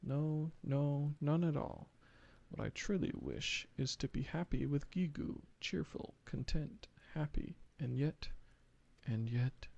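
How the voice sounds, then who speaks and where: A man's voice: fairly high pitch, creaky, heavily acted. A man voicing a fretful, dramatic little kobold alchemist who repeats itself in strings of synonyms. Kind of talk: reading game dialogue aloud.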